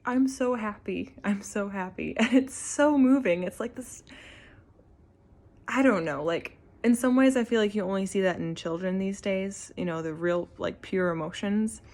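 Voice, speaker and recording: Brief: young woman, lower voice, effusive rambling vlog chat, many fillers. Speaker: vlogger. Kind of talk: casual chat.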